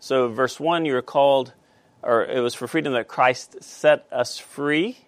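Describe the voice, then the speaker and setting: A man teaching a Bible study class, halting with many fillers and asking the class questions. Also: mid-range voice, dry recording.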